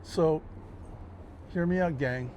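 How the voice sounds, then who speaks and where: Older man, podcast guest, animated firsthand storyteller, voices the quotes, pitch sits a bit high. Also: takes it slowly, a little hiss or hum. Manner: animated, acts out quoted dialogue.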